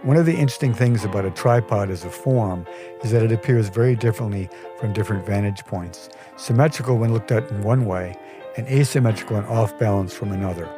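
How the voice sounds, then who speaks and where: A man narrating a scripted personal story in a measured, wry way. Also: on the low side, music in the background. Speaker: storyteller podcast host.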